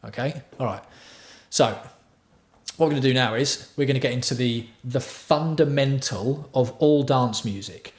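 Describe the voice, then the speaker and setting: A man's voice: medium pitch, normal speed. A man hosting a casual livestream tutorial on music production. He chats with his viewers and swears freely. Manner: chatty, swears freely, answers viewer chat.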